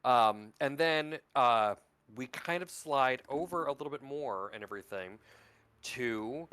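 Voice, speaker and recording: A man's voice: mid-range voice, lively intonation, a little slow, pushed and bright, clear, resonant tone, dry recording. A man narrating a tabletop role-playing game as game master, rambling and full of fillers. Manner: rambling, filler-heavy, lots of "like".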